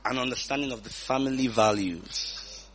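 A man and pastor teaching the Bible in a relaxed conversation, reading verses aloud and chuckling often. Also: medium pitch, moderate pace.

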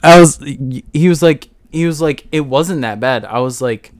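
A man's voice: on the high side, measured pace, hardly any pauses. A young man co-hosting a casual podcast, telling a work story with lots of swearing and acting out what people said. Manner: animated storytelling, re-enacting his own quotes, swearing. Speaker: podcast co-host. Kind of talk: casual chat.

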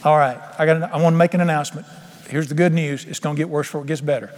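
Pastor preaching, folksy and fervent, slightly high voice, big church echo, faint music. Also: male voice, steady tone, racing, darkish tone. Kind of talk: sermon. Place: church sanctuary.

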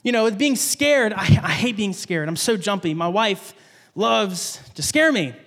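A man preaching a sermon as a pastor, telling a story with animated delivery and acting out voices, in a church. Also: high voice, a little slow. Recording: long reverb of a large hall.

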